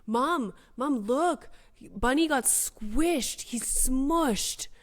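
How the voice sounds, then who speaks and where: Woman voicing a curious little boy; eager, blunt, repeats himself, pitched a bit high. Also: lively intonation, extremely slow, heavily acted. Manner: eager, repetitive questions.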